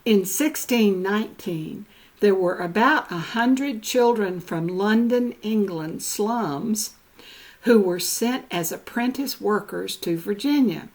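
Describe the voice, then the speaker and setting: An older woman presenting genealogy notes, reading slowly and carefully, spelling out words letter by letter. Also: mid-range voice, darkish tone.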